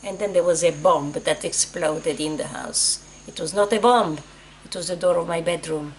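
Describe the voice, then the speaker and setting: A woman's voice: fairly low pitch, normal speed, slight background noise. A woman in her eighties from Egypt telling her personal story in an emotional, repetitive way. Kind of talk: personal testimony.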